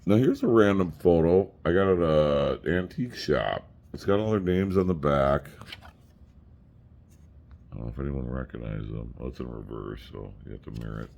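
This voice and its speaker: A man's voice: rumbling low, lively intonation, normal speed, vocal fry, darkish tone, a little hiss or hum. A middle-aged man casually rambling through family photos, crude and joking as he tells stories. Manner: crude, joking, profane storyteller. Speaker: vlogger showing family photos.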